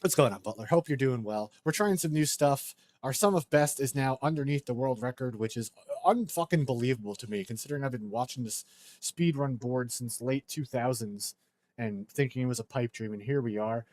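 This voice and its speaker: A man's voice: mid-range voice, a little fast, darkish tone. A man live-streaming a speedrun, chatting casually and joking with his viewers.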